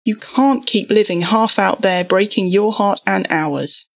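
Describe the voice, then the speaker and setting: A woman doing a gentle, consoling dad. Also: mid-range voice, unhurried, vocal fry. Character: gentle, sorry father.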